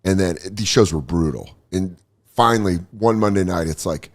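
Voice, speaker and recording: A man's voice: sits low, moderate pace. A man in his thirties, a comedian telling a story in casual chat, acting out quotes and laughing as he goes. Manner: animated, acts out quotes, laughs mid-story.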